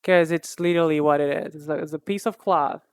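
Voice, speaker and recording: Art streamer, casual chat, rambling, self-deprecating, smooth clear voice, dry sound. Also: medium pitch, fairly even intonation, brisk, dry recording. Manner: rambling and self-deprecating, with frequent laughs and restarts. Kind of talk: casual live-stream chat while drawing.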